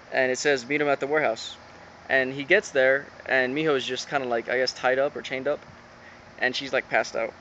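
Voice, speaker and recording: A man talks through an episode recap in a loose, rambling way, full of "um"s and "he's like"s. His pitch sits in the middle, and the recording sounds dull and lo-fi with clear background noise underneath. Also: fairly bright tone. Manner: rambling, with many fillers and retold quotes.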